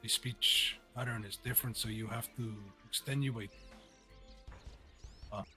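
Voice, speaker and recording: A man's voice: mid-range voice, steady tone, a little slow, sharp tone, faint music behind. A man telling a story in character during a roleplay, in a put-on accent and a formal manner without contractions.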